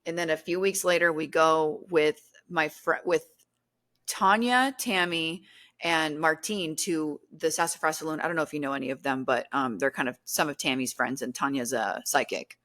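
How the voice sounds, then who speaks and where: Young woman rambling through a story, lotsa "like" and "um", slightly low voice. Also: moderate pace. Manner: animated, acts out quotes with lots of "like" and "um". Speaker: guest, paranormal content creator. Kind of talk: casual storytelling in a podcast chat.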